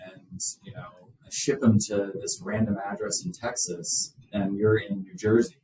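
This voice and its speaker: A man's voice: on the low side, animated, normal speed, gravelly, warm tone, poor audio. A man, a business co-founder, explaining things plainly as a guest in an interview. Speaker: guest, payments company co-founder.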